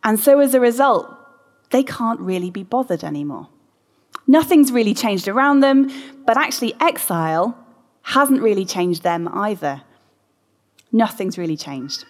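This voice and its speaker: A woman gives a sermon in a relaxed, talking-with-you way, putting questions to the people in front of her. Her voice rings out in a church hall with a long reverb tail. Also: medium pitch, moderate pace, long pauses. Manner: conversational, asks the congregation questions. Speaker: preacher.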